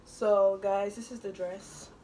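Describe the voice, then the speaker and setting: A woman's voice: mid-range voice, fairly even intonation, slow, dark tone, slight background noise. Chatty young woman vlogger. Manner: chatty, filler-heavy, laughs often. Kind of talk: casual get-ready-with-me storytelling.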